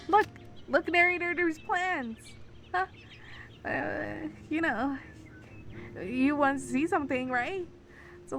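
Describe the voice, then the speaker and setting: A woman's voice: high voice, fairly bright tone. A woman streaming a video game, talking to it in anxious, chatty commentary. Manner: anxious, calling out to a game character.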